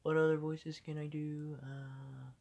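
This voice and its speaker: A man's voice: on the high side, flat delivery, measured pace, gravelly, darkish tone. A male streamer chatting casually on a live stream, rambling and giggling, with lots of "like".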